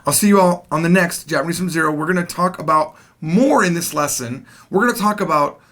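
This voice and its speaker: A man teaching a video language lesson, explaining in a chatty, animated way. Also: on the high side, brisk.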